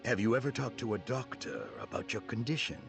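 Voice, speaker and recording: An actor playing a calm, deliberate doctor who probes with careful questions in a horror game. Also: male voice, mid-range voice, creaky, over music. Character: measured doctor, calm and probing.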